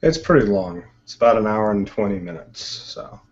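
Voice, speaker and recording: Male host of an online chat, low voice, talks at length, muffled web-call sound. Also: animated, normal speed. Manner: articulate, explains at length. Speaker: host of an online discussion group. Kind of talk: casual group video chat. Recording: dull lo-fi web call audio.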